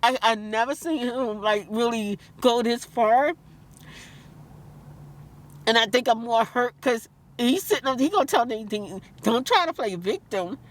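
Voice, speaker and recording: A high-voiced woman talks straight to her viewers in an upset, rambling vlog. She circles back over the same points and breaks into bursts of disbelief. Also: a little slow, long pauses. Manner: upset, rambling, repeats herself; outbursts of disbelief. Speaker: vlogger. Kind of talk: emotional vlog rant.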